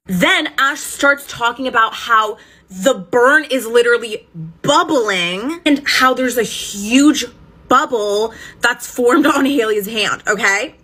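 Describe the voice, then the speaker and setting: Bright, husky woman telling an indignant story. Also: a little high, slow. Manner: emphatic, profane, indignant. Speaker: storytime vlogger. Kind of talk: casual storytime recap.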